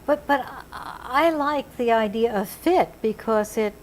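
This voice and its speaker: A woman interviewing a fellow therapist, speaking earnestly and reaching slowly for her words. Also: fairly high pitch, a little hiss or hum. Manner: earnest, searching for words, stretched pauses. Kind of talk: reflective interview conversation.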